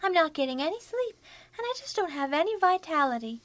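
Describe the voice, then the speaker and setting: An actress playing a scatterbrained, naive young secretary in a 1950s radio sitcom, with a high breathy voice. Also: female voice, sing-song, a little fast, background noise.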